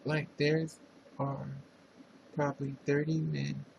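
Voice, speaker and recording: Jersey guy livestreaming, sassy and chatty, slow drawl, faint room hum. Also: a little high, monotone, creaky, darkish tone, muffled recording. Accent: New Jersey. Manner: sassy, chatty, reads viewer names aloud. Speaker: livestream host. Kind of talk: casual livestream chat.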